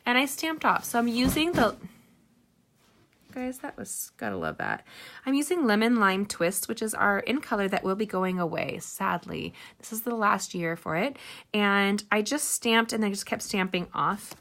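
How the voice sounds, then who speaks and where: A woman's voice: mid-range voice, very animated, normal speed, fairly bright tone. A middle-aged woman hosting a casual live card-making tutorial, chatty and rambling with personal asides.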